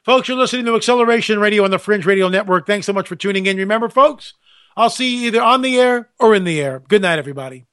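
Rambling high-voiced male radio host. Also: fast. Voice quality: animated, rambling with restarts. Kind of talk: casual radio talk.

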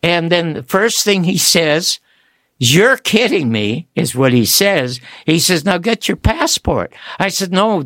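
Gravelly older man telling stories. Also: a little high, dry recording. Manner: animated, rambling storyteller. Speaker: guest author. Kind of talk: storytelling interview.

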